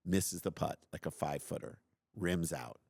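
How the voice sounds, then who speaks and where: A middle-aged man hosting a podcast, telling a personal story in an animated, self-deprecating way and acting out his own outbursts. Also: low voice, moderate pace, creaky, slightly rough, no echo, studio quality. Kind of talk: casual storytelling.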